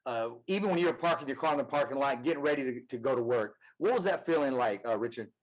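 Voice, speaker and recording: A man hosts a podcast and asks his questions in an encouraging way, often pausing and restarting as he shapes them. His voice sits at an ordinary middle pitch for a man. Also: lively intonation, rough recording. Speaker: podcast host. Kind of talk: interview questions.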